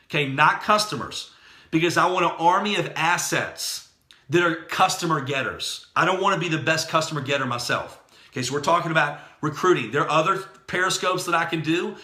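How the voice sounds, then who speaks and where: A middle-aged man giving an energetic, storytelling motivational sales talk. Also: on the high side, reverberant. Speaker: network marketing trainer.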